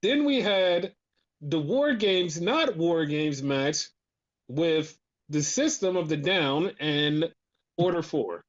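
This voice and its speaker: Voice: mid-range voice, expressive, takes it slowly, dull audio. A podcast co-host in casual chat, ranting animatedly and swearing a lot.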